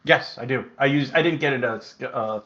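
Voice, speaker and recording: Bright sharp guy at a table game sorting his stats, lo-fi call. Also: mid-range voice, moderate pace. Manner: rule-checking, puzzling over numbers. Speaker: player. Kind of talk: casual tabletop game play. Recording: lo-fi online call audio.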